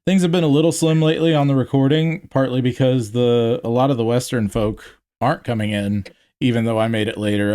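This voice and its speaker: A man from North Georgia with a Southern accent, hosting a podcast in relaxed, rambling casual chat. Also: mid-range voice. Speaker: podcast host.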